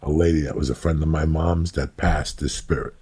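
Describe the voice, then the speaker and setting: Very raspy deep-voiced man telling stories. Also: fairly quick. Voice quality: very raspy and gravelly. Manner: animated, rambling, acts out scenes. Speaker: podcast host. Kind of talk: casual storytelling chat.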